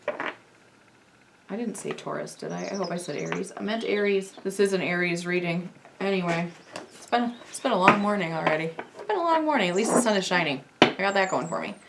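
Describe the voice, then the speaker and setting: A woman's voice: mid-range voice, vocal fry, background noise. A woman giving a casual tarot reading at home, chatty and sassy, with swearing. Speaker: tarot reader.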